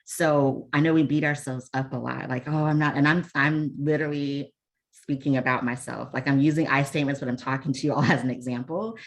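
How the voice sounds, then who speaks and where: Very low-voiced woman leading a webinar. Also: fairly even intonation, brisk. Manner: conversational, many ums and restarts, self-deprecating asides. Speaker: webinar presenter. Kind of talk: casual online workshop talk. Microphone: video call.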